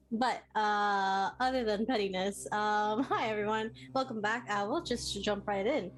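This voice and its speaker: A woman narrating as dungeon master in a tabletop game, hesitant with many pauses. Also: medium pitch, rough recording.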